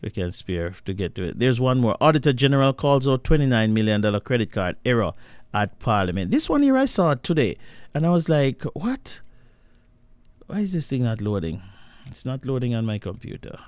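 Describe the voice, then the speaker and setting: A man's voice: medium pitch, very animated, a little fast, smooth, no echo. A Jamaican man hosting a casual live radio talk show, chatting, laughing and greeting listeners by name.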